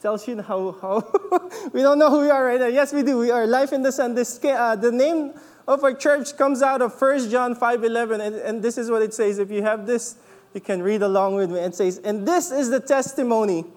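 A man leading a church service, preaching in a relaxed, joking way and often checking in with the congregation. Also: very high voice, moderate pace, big-room sound. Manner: chatty, laughs often, checks in with "okay?". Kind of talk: casual sermon with jokes. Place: church hall.

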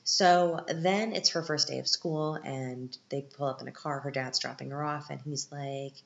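A woman's voice: low voice, steady tone, a little slow, gravelly. A woman hosting a podcast, recapping a film in a casual, chatty way with joking asides. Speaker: podcast host. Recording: roomy, dull lo-fi sound.

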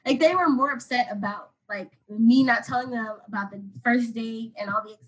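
A woman's voice: on the high side, normal speed, husky, rough recording. A 21-year-old woman from Atlanta, a podcast guest telling a personal story casually and emotionally, rambling with lots of "like". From Atlanta, USA. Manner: rambling, heavy use of "like", emotional.

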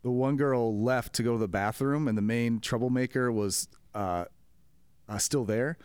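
Man, mid-pitched, animated storyteller acting out voices; dry close podcast mic. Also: normal speed, clear, resonant tone, no echo. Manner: animated storyteller, acts out quotes, laughs often. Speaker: podcast co-host, comedy club staff. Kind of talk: casual storytelling chat.

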